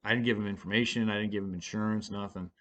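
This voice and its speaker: A man's voice: on the low side, fairly even intonation, fast, a bit bright, dull audio. A man casually telling a story, rambling and swearing freely with lots of fillers. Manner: rambling and profane, with many fillers. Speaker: storyteller vlogger.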